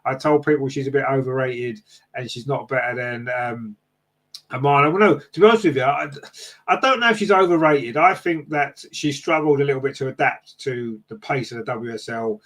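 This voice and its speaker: A man chats casually on a fan podcast, his voice sitting at an everyday middle pitch. He rambles along with plenty of fillers and tag questions, reading out viewers' comments and answering them. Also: moderate pace, fairly bright tone. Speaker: podcast host reading live chat.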